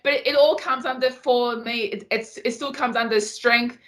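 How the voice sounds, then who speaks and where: A woman's voice: a little high, steady tone, moderate pace, a bit bright. A woman guest on a podcast interview, talking passionately and often repeating words as she makes her point. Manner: passionate, repeats herself when emphasizing. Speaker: podcast guest, Muay Thai fighter. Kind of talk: casual interview.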